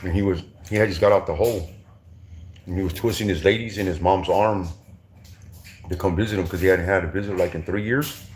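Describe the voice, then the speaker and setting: Middle-aged socal guy, lowish voice, rambling prison stories w lots of slang and cussing, bit of hiss behind. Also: steady tone, a little fast, darkish tone. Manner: rambling, street slang, profane, many restarts. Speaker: former prisoner telling stories. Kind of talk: casual storytelling.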